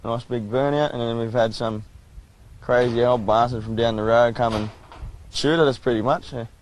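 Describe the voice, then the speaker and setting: A man's voice: medium pitch, fairly even intonation, normal speed, a little hiss or hum, rough recording. Australian man, 20s, news interviewee, casual blunt talk.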